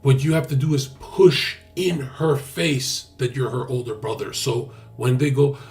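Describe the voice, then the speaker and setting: A man's voice: medium pitch, steady tone, unhurried, darkish tone, faint music behind. Brash profane man streaming live. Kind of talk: casual livestream talk.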